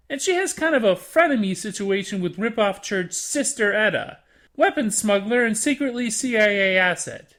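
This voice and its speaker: A host reading a scripted anime review, with an expressive delivery. The pitch rises and falls a lot as the narration runs along.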